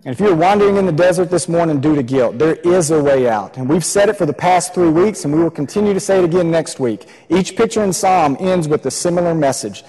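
Earnest preacher guy giving a sermon, kinda high voice, long church reverb. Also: brisk, hardly any pauses, dark tone, husky. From Texas. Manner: earnest, repeats key phrases for emphasis. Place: church sanctuary.

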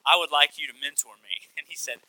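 A pastor introduces a guest to his congregation and speaks with earnest praise for him. His voice sits a little high and sounds very bright. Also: fast talker, rough recording. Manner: warm, earnest praise of a mentor. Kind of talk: sermon introduction.

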